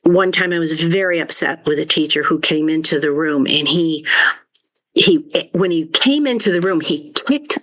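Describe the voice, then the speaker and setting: A woman with a lowish voice tells stories from her childhood as a podcast guest. She talks reflectively and lifts her voice when she quotes her father. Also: moderate pace. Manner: warm, reflective storytelling, quoting her father in lively bursts. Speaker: author guest. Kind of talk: storytelling in a podcast interview.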